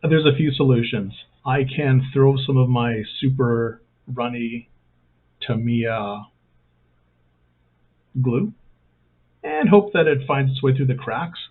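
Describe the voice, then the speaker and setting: A man's voice: mid-range voice, slow pace, pauses often. A man hosting a casual step-by-step hobby tutorial, talking in a rambling way with self-mocking jokey asides. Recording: thin phone-like sound.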